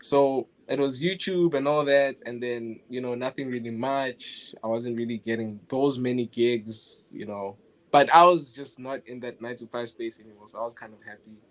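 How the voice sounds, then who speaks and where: A young man from South Africa, a guest animator in a casual interview, talking in a relaxed way, laughing often and restarting his phrases. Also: medium pitch, normal speed.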